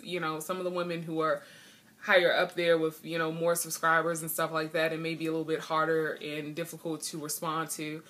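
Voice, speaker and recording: A woman vlogger with a lowish voice and sharp tone talks earnestly and openly. Some emotion and frustration come through in her heartfelt video.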